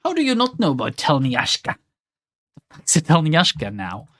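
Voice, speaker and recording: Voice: medium pitch, huge pitch swings, moderate pace, a bit bright, no room sound, clean studio sound. Sarcastic, exasperated game streamer. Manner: exasperated, sarcastic, swears often. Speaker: let's play streamer. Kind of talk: casual game commentary.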